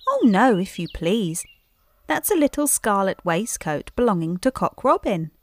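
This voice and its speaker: A woman's voice: mid-range voice, big pitch swings, a little slow. A woman voicing a small, anxious, polite hedgehog washerwoman in a storybook, with eager-to-please chatter. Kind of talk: storybook character voice.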